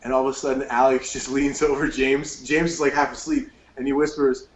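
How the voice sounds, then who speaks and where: A man hosting a podcast, telling a long story in a casual, profane, animated way. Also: mid-range voice, a little fast, echoey room, poor audio. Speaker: podcast host.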